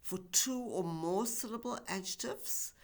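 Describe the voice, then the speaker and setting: A woman's voice: mid-range voice, unhurried. A woman teaching English grammar in a recorded lesson, speaking carefully and stretching out example words. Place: university e-learning course.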